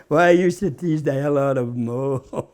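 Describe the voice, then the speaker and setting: A man's voice: medium pitch, darkish tone. A man in his nineties with a Canadian accent, telling old stories in an interview with frequent chuckles. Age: 90s. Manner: chuckling, reminiscing, tags with "eh". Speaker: interview guest. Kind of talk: casual storytelling.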